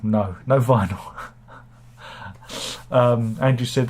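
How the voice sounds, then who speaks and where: A man's voice: medium pitch, slow pace, long pauses, darkish tone. Man with a cold, rambling and jokey. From United Kingdom. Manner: rambling and hesitant, many fillers and restarts, jokey asides. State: has a cold, slight cough. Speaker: host of a live chat show. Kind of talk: casual opinionated chat, reading viewer comments.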